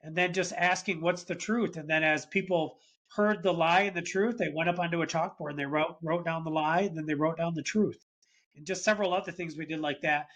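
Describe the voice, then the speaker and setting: Man, high-pitched voice, earnest, lively storytelling, podcast guest. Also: fairly quick. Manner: earnest, animated faith-based storytelling. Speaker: podcast guest, business founder. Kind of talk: conversational storytelling interview.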